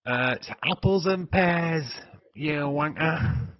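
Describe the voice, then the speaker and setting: A man putting on a loud jeering Cockney bloke. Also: a little high, takes it slowly, no room sound, lo-fi sound, pitched above the performer's own voice. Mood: mocking. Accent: mock Cockney. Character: brash mouthy Cockney man.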